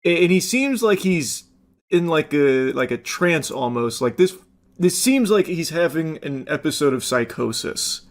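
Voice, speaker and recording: A man's voice: a little high, animated, a little slow. A young man streaming, casually commenting on a clip, rambling with fillers and casual swearing.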